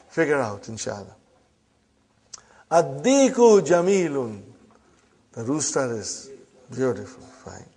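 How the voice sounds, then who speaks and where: A man teaching a classroom Arabic grammar lesson, reading Arabic phrases slowly and explaining them in English while checking on his students. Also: a little high, a little mellow, breathy edge. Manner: addresses students as brothers and sisters.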